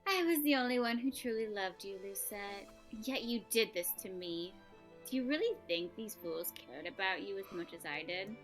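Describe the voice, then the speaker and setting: A woman's voice: medium pitch, lively intonation, moderate pace, faint music behind, close to an everyday voice. A woman voicing a possessive, villainous sorceress mother while reading a visual novel aloud, with a cold, reproachful delivery.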